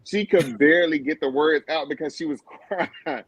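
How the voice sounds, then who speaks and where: Husky-voiced man in casual dry chat. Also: fairly high pitch, normal speed, a bit bright, dry recording, rough recording. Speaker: panelist. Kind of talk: casual show recap chat.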